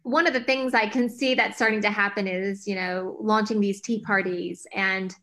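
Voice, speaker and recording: A woman's voice: medium pitch, fairly even intonation, normal speed, fairly bright tone. A woman guest on a podcast, talking earnestly about her projects with many fillers and restarts. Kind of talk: conversational interview talk.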